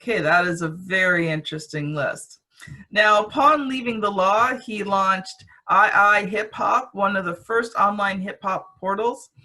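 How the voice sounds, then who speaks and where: A woman's voice: medium pitch, unhurried, sharp tone. A woman with a Canadian accent hosting a podcast, introducing her guest with enthusiasm. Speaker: podcast host.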